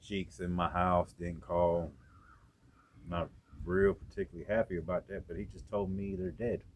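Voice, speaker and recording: A man's voice: deep voice, flat delivery, moderate pace, slight background noise. A man telling a story from his past in a blunt, profane, conversational way, speaking straight to his viewers. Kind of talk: casual spoken storytelling.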